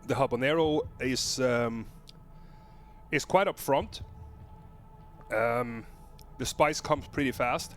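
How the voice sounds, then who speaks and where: A man tasting a hot pepper on camera and talking it through casually, halting with lots of fillers and restarts. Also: medium pitch, expressive. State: gasping and coughing from pepper heat. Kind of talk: casual vlog commentary.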